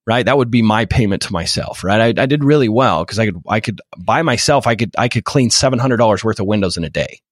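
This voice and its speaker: A man's voice: on the low side, animated, quick pace, hardly any pauses, no room sound, clean studio sound. A man in his thirties, a podcast guest telling an emotional personal story with many repeated false starts. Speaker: podcast guest, real estate investor.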